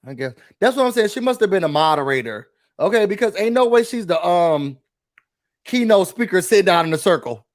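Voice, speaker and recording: A man with a high-pitched voice hosts a casual reality show recap. He talks in an animated, gossipy way and breaks into mimicry of the cast as he goes. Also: brisk.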